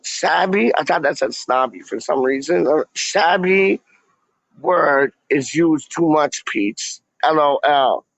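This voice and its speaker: A man rambling through a casual livestream, his voice slightly high and full of gravel and fry. He drawls slowly, piling on slang and "like". The audio is dull and lo-fi. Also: animated, fairly bright tone, dry recording. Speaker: fan vlogger reading live chat.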